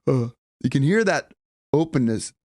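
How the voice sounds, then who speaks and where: A man teaching a casual singing lesson, chatting loosely and breaking into high sung examples and bits of vocal fry. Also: lively intonation, normal speed, a little mellow, no room sound, clean studio sound. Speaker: vocal coach.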